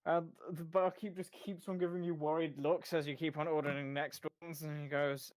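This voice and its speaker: A man's voice: a little high, little pitch movement, normal speed, few pauses. A man narrating as game master, playful and laughing often.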